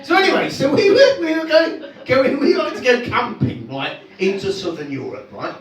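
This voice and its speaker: A man performing stand-up, telling stories in an exasperated, swearing manner with sudden jumps in pitch. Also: wildly swooping pitch, normal speed. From England. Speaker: stand-up comedian. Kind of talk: stand-up routine. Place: comedy club stage. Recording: echoey club, distant mic, audience laughing.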